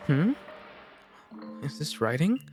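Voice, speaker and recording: A man's voice: a little high, sing-song, takes it slowly, darkish tone, soft background music. A man voicing a frightened fourteen-year-old noble girl, anxious and scolding herself.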